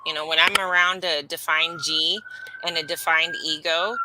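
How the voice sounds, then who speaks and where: A woman's voice: lowish voice, moderate pace, heavy background noise. A woman reading human design charts, talking casually and emphatically, rambling with fillers. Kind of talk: casual spiritual teaching chat.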